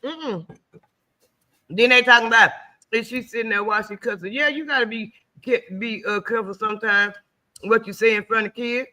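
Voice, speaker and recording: A man's voice: high voice, moderate pace, bright, forceful tone. An older man in casual chat, plainspoken and agreeable.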